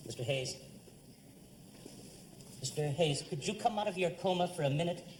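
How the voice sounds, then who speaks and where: A man's voice: fairly high pitch, normal speed, close to an everyday voice. A man playing a flustered, polite police lieutenant. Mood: coaxing. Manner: patient, stammering. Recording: very noisy TV studio recording.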